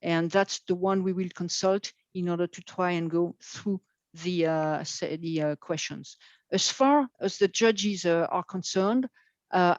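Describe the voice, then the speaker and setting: A woman moderating an online event, speaking haltingly with many filler sounds. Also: fairly low pitch, darkish tone, no room sound. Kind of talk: hesitant live announcements. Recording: dull lo-fi video call audio.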